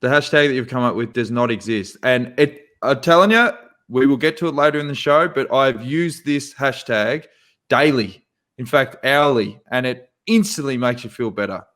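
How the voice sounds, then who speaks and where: A man's voice: medium pitch, normal speed, fairly bright tone. A man cohosting a podcast in a loose, joking way. He tells stories and acts out what people said with exaggerated voices, in a middle register. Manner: jokey storyteller, acts out quotes with big voices. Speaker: podcast co-host. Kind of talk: casual chat.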